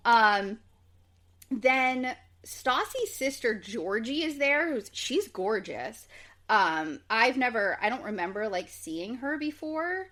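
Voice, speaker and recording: A woman's voice: on the high side, takes it slowly. A woman co-hosting a podcast, recapping a reality show in a casual, chatty way with lots of fillers. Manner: chatty, quotes people in lively voices, says like and um a lot. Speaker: podcast co-host.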